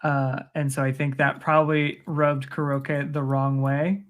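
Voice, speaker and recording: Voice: mid-range voice, little pitch movement, unhurried. A tabletop game player, thoughtful and hedging, explaining a character's choices. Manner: thoughtful, hedging, speaks for a character in third person. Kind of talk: casual tabletop role-play.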